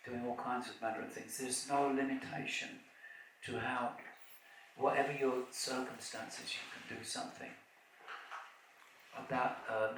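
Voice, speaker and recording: A man giving an informal, rambling devotional talk at a festival opening, with anecdotes and halting restarts. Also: mid-range voice, creaky. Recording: roomy, distant mic, background noise.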